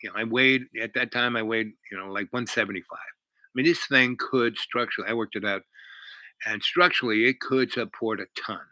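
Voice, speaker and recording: A man with a low-ish, brisk voice tells a long personal story in a casual, rambling, animated way, packed with fillers and asides. The recording is rough but has no echo.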